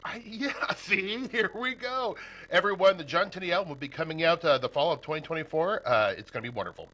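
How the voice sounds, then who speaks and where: Upbeat male podcast host from Nebraska, lively, bright voice, laughs easily. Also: on the high side, a little fast, poor audio. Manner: upbeat and chatty, laughs often. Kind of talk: casual interview chat.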